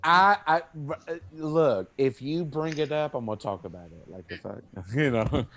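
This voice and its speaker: A man's voice: medium pitch, normal speed, fairly bright tone. A man in casual late-night chat with friends, rambling and often restarting his sentences. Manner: rambling, repeats and restarts a lot.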